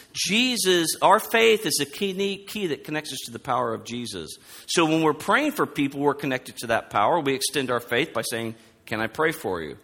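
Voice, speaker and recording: A man preaching a sermon, animated, acting out quoted lines as he goes. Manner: animated, acts out quoted lines with rising pitch. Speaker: pastor. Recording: long hall reverb.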